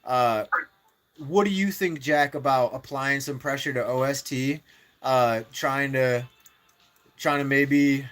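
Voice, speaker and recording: A man's voice: mid-range voice, slow pace, a bit bright, faint music behind. A man streaming a mobile war game, talking strategy in a rambling way with many fillers and restarts. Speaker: gaming live streamer. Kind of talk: casual strategy chat.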